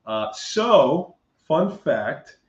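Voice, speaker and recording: A man, a guest on a chat show, tells a story in a casual, animated way, acting out the lines of the people in it and laughing often. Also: a little high, extremely slow. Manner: animated, acts out quoted dialogue, laughs often. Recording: muffled echoey room recording.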